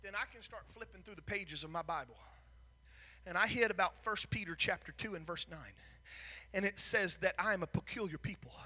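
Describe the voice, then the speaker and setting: A male pastor with a very high, piercingly bright voice, preaching with fervor that swings between hushed confession and loud shouts. His sermon carries a long reverb in a church sanctuary. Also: fairly quick.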